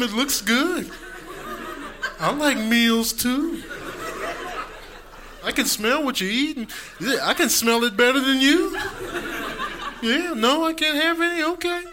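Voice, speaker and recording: A man's voice: slow pace, pauses often. A man doing a whiny hungry dog. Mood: pleading. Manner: high, whiny pleading. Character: hungry begging pet dog, pitiful and needy. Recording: noisy live club recording.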